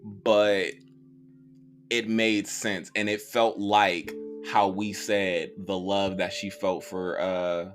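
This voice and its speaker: A man's voice: deep voice, flat delivery, takes it slowly, soft background music. A man co-hosting a casual horror movie podcast, talking bluntly with lots of slang. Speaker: podcast co-host. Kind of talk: casual movie review chat.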